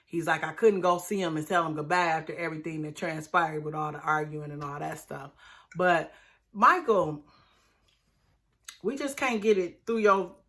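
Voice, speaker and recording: Bright-voiced woman, casual recap host, chatty and exclamatory, does quick impressions of the people she quotes. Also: fairly low pitch.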